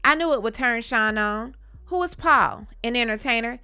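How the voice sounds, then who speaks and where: A woman hosting a commentary channel, briskly reading court testimony aloud with short reaction asides. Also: fairly high pitch, pushed and bright, clean tone, dry recording.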